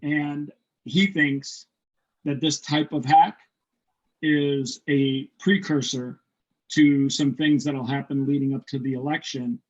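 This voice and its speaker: A man hosting a podcast, chatting casually and joking while firing off quick questions. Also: mid-range voice, little pitch movement. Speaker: podcast host. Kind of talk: casual chat. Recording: muffled lo-fi audio.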